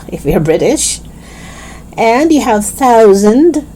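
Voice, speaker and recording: A woman teaching English pronunciation, drilling word pairs slowly and exaggerating the contrasts. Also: mid-range voice, animated, warm tone, slight background noise, low-quality recording. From Philippines.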